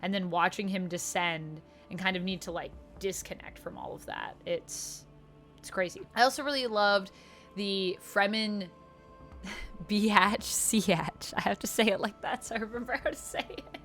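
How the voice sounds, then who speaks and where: A woman's voice: mid-range voice, normal speed, a bit bright, soft background music. A woman talking casually and enthusiastically in a book review vlog, full of fillers as she shares her thoughts. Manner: chatty and enthusiastic, lots of "like" fillers.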